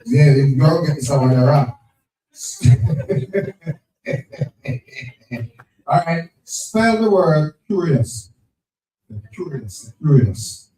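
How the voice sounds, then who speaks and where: A man, hosting a live spelling game at an event, brisk and teasing, repeating each word. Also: on the high side, lively intonation, dark tone. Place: event venue with crowd. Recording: echoey, distant from the mic.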